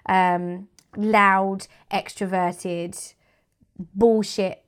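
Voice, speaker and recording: A woman's voice: mid-range voice, level tone, extremely slow, fairly bright tone, clean tone. A woman speaking as an interview guest about her work in marketing, frank and opinionated, with many fillers. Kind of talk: casual interview talk.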